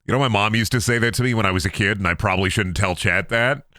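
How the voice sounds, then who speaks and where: A man's voice: on the low side, quick pace, pushed and bright, no echo, faint music behind. A man chatting casually on a gaming stream, rambling and joking at his own expense. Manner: self-deprecating, rambling, jokey.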